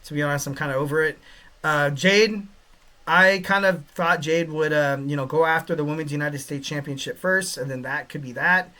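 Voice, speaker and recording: Guy rambling thru his podcast, kinda high bright voice, lots of "you know"s. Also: moderate pace. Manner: rambling, joking, lots of fillers. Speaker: podcast host. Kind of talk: casual commentary.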